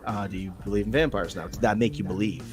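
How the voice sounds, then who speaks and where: Profane rambling storyteller, lowish male voice. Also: steady tone, fast talker. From New England. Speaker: podcast co-host. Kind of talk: casual storytelling chat.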